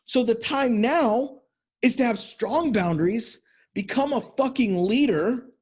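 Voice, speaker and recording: A man's voice: very high-pitched, measured pace, a little mellow, slightly rough. A male relationship coach giving a blunt, profane motivational talk to men, hammering his points with repetition.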